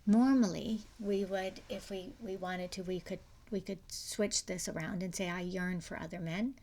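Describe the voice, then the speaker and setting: A middle-aged woman giving a recorded grammar lecture, her voice carrying a gravelly fry. She explains step by step, stopping for fillers and restarts and sometimes dropping to a near-whisper. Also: medium pitch, fairly even intonation, moderate pace, warm tone. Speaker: university English instructor.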